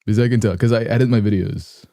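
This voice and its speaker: A young man streaming live, talking easily and softly with his chat. His voice is deep and very dark, still a little rough from the morning, and he keeps clearing his throat. The sound is close and dry, with no room around it. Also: fairly even intonation, fast, no echo. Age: young adult.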